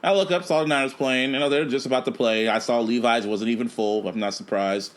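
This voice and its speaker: A man co-hosting a casual podcast, telling a story in an animated, profane way. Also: mid-range voice, brisk. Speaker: podcast co-host. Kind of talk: casual chat.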